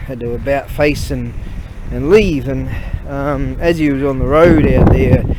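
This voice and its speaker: A man retelling a story while out on a cold walk, halting and swearing as he loses his train of thought. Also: mid-range voice. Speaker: vlogger. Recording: loud wind noise on outdoor mic.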